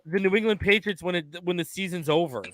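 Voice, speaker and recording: A man's voice: high-pitched, quick pace, fairly bright tone, no room sound. A man hosting a sports podcast in a laid-back, slangy way. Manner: laid-back, uses "bro" and "dude". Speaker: podcast host. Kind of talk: casual podcast chat.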